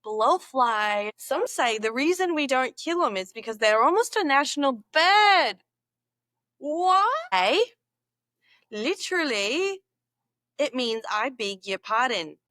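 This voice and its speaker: Goofy woman drilling slang, high voice. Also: expressive, moderate pace, hardly any pauses, fairly bright tone, no room sound. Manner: goofy, repeats words over and over, giggly. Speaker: vlogger. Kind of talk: playful casual vlog, practising slang.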